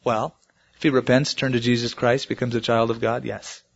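A man's voice: medium pitch, level tone, normal speed, vocal fry. A man preaching a sermon, telling stories and rising emphatically on the key points. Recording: muffled lo-fi sermon recording.

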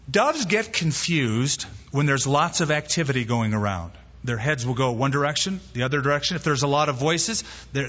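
A male pastor preaches with a bright, forceful, slightly husky voice that rings through a large hall with a long reverb. He leans into key words and stretches them out for emphasis. The recording is muffled and a little dull. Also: a little high. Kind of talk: sermon.

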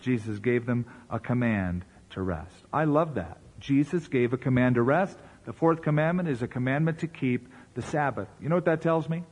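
A man's voice: mid-range voice, husky. A man preaching a sermon as pastor, talking in a conversational way with rhetorical questions and asides.

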